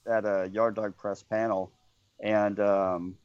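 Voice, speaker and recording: A man's voice: fairly low pitch, level tone, a little slow, a little mellow, clear, resonant tone, dry recording, highs cut off. A man who is a guest author, agreeable and hesitant, speaking with many fillers. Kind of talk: casual interview chat.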